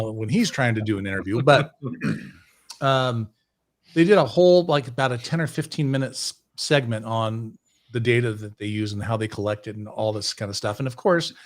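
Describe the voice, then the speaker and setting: A man hosting a casual podcast, rambling and correcting himself as he goes. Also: medium pitch. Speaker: podcast host.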